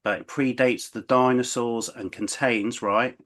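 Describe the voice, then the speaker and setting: A man's voice: medium pitch, steady tone, measured pace, a bit bright. A man co-hosting a podcast, chatting casually and stumbling through restarts and fillers as he tells a story. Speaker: podcast co-host. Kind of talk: casual chat.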